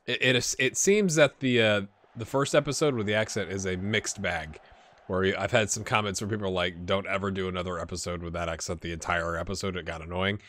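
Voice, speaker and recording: A man casually commentating a football management game, rambling and questioning himself, with sudden bursts of excitement. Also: sits low, brisk. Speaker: gaming YouTuber.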